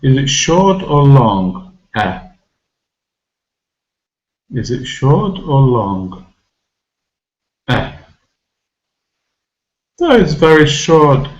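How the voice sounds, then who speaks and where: A man teaching English vocabulary and pronunciation, saying each word slowly and clearly for learners to repeat. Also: medium pitch, sing-song, highs cut off. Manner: slow, deliberate enunciation, modelling words for repetition. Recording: roomy echo with loud music behind.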